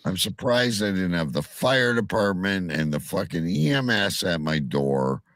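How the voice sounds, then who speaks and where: A middle-aged man co-hosting a casual chat, telling animated stories and swearing freely. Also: sits low, unhurried, no room sound.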